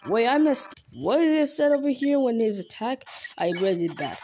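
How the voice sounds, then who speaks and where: A woman's voice: fairly high pitch, brisk, dark tone, slight background noise. A woman giving casual let's-play commentary, reading on-screen text aloud and stumbling over words. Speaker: gamer.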